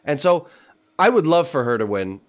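A man's voice: on the high side, very animated, normal speed. A man on a casual panel discussion, giving emphatic, opinionated takes.

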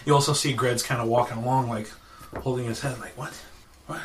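A man's voice: mid-range voice, steady tone, quick pace, recorded from a distance, background noise. A man narrating as game master of a tabletop game, laid-back and chuckling. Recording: echoey room from afar.

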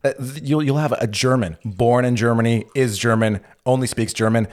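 A man hosting a casual chat, opinionated and steering the topics. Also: mid-range voice. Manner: fast, opinionated, steers the talk. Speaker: podcast host. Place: Berlin.

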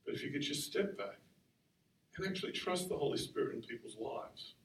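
A man preaching a sermon in a conversational, animated way, acting out the quotes he tells. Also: medium pitch, brisk, slight background noise. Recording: roomy sound from far off the mic.

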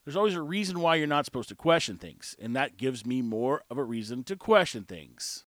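A man's voice: fairly high pitch, no echo, studio quality. A man talking casually on his own, rambling, opinionated and laughing at his own jokes. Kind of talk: casual solo talk.

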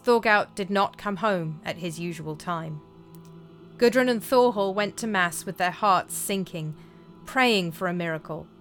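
A woman narrating a folk tale in a measured, expressive way. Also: mid-range voice. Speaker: storyteller. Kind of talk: storytelling narration.

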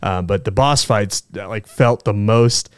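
A young adult man co-hosting a casual podcast, emphatic and getting loud when he is excited. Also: lowish voice, a little slow, clean tone, no room sound, studio quality. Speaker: podcast co-host. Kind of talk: casual chat.

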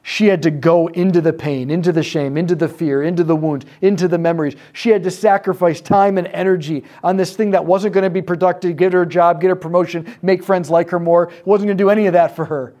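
Guy teaching a group about prayer, tells stories, mellow tone, voice sits a bit high. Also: fairly even intonation. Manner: storytelling, acts out quoted voices, lets pauses land. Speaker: speaker teaching on prayer ministry. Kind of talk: sermon-style talk to a live group.

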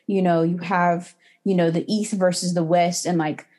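A woman's voice: fairly low pitch, moderate pace. A woman co-hosting a film podcast, chatting casually with plenty of fillers and restarts. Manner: relaxed, many fillers and restarts. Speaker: podcast co-host.

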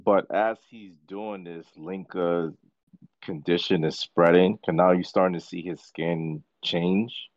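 A man's voice: low voice, steady tone, slow, darkish tone, dry recording, dull audio. A man chiming in during a casual anime discussion, laid-back and adding corrections. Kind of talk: casual chat.

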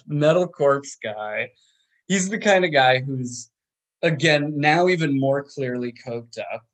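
Male podcast co-host from Long Island, unhurried, chatty recapper who acts out the characters' lines. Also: animated. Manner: laid-back, chatty, acts out characters' lines with big jumps in pitch. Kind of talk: casual chat.

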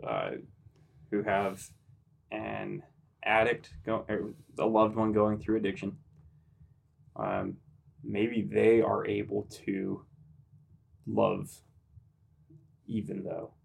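Slow, gravelly-voiced male host. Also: on the low side, animated. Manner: slow, halting questions with fillers. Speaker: podcast host. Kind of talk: interviewing a guest.

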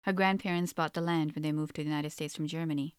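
A woman narrating a story in an audiobook, with a steady, measured reading. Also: sits low, clear, resonant tone, no room sound, clean studio sound.

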